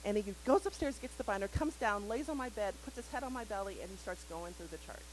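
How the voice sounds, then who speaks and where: A woman's voice: medium pitch, lively intonation, fast talker, a little hiss or hum, poor audio. A woman on a live community panel, telling a story animatedly and acting out the quotes. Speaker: parent panelist. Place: community center event.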